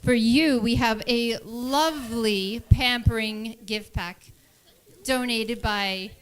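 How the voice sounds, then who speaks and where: A woman's voice: a little high, takes it slowly, clear, resonant tone. A woman making friendly announcements at a live event and reading out raffle numbers and prizes.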